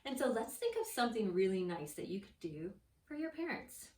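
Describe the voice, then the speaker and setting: A woman teaching a children's Bible lesson, telling the story with animated expression and speaking straight to the kids. Her voice sits at a middle pitch. It comes from a bit away from the mic in an echoey room. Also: a little fast, distant mic.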